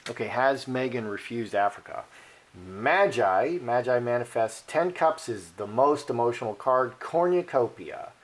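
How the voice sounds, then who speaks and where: A man of middle pitch talks through a card reading in a loose, conversational way. He circles back on his points, repeats phrases and thinks aloud as he goes. The delivery is chatty and unscripted rather than polished. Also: expressive, a little slow. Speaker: card reader. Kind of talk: casual card-reading commentary.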